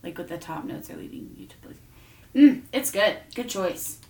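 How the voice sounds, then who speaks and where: A woman's voice: medium pitch, expressive, darkish tone, roomy sound, far from the mic. A woman co-hosting a podcast in casual chat, reacting often and encouraging her partner. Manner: encouraging listener, quick reactions.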